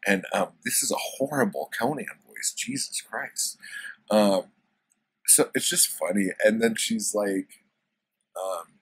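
A man's voice: on the low side, unhurried, a bit bright, breathy edge, low-quality recording. A man casually retelling a story as a book reviewer, loose and profane, full of fillers.

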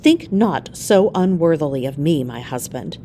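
A woman's voice: deep voice, expressive, measured pace, mellow, slight background noise. A woman reading a firm, devoted young wife. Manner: firm, earnest.

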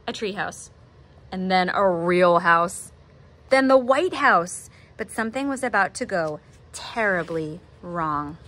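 A woman art teacher who reads a picture book aloud with expressive, animated storytelling, then gives drawing steps. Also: mid-range voice, a little hiss or hum.

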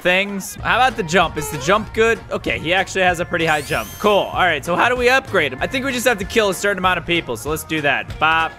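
A young man with a high, bouncy voice that swings all over as he narrates his gameplay. He gets excited fast and bursts into shouts and laughter. Music plays under his voice. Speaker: gaming YouTuber. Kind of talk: energetic gameplay commentary.

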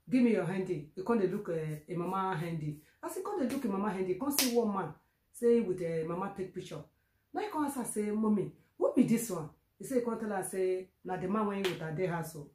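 A Nigerian woman recounts a story in a casual, animated vlog manner, with plenty of fillers and repeats. Her voice is mellow and warm. The sound carries a noticeable room echo. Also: mid-range voice. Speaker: vlogger.

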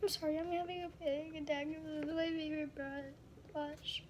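A woman's voice: sits high, little pitch movement, normal speed, slight background noise. A woman vlogging as she does her makeup, chatty and flustered, often dropping to a whisper. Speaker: beauty vlogger. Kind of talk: casual vlog chat while doing makeup.

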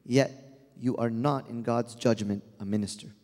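A man's voice: medium pitch, steady tone, a little slow, mellow, voice pushed down, natural voice. A man voicing a stern male guardian angel who blocks a gate and questions firmly. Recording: long hall reverb.

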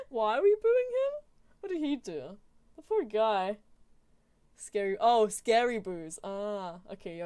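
A woman's voice: medium pitch, darkish tone, clear, resonant tone, no room sound. A young woman streaming from home, chatting casually with her viewers while gaming, giggling often and answering chat.

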